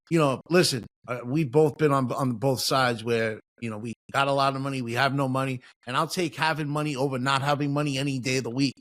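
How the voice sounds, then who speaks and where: A man's voice: medium pitch, fairly even intonation, a little fast, few pauses, fairly bright tone. A man hosting a podcast, asking long and earnest questions in a casual style. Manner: earnest, many fillers and restarts. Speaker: podcast host. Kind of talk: casual interview chat.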